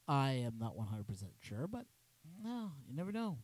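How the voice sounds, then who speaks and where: A man's voice: medium pitch, big pitch swings, fairly quick, darkish tone, no room sound, rough recording. A middle-aged man from Canada, rambling casually as he tests a cheap wireless microphone for his maker livestream. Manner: rambling, chatty, jokey. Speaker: maker channel host. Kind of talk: casual mic test livestream.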